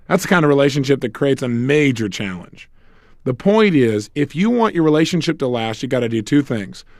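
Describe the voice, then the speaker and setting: A man's voice: fairly high pitch, expressive, fairly quick, vocal fry, no echo, clean studio sound. A middle-aged man giving a motivational self-help lecture, emphatic, asking rhetorical questions and acting out bits of dialogue.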